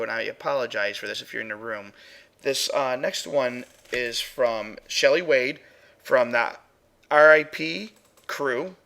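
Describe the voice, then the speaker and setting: A man's voice: medium pitch, gravelly, sharp tone. A man hosting a live paranormal stream, chatting casually as he plays and reviews audio clips with his chatroom. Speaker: paranormal show host.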